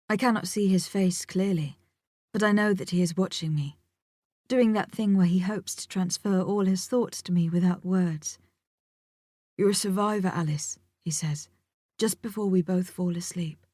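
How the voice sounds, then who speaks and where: A woman's voice: fairly low pitch, normal speed, dark tone, no room sound. Woman reading a reflective audiobook. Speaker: audiobook narrator. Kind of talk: first-person audiobook narration.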